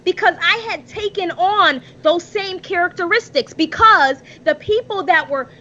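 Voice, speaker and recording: High-voiced woman giving testimony. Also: unhurried, bright, forceful tone, lo-fi sound. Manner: earnest, preacherly storytelling. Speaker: podcast guest.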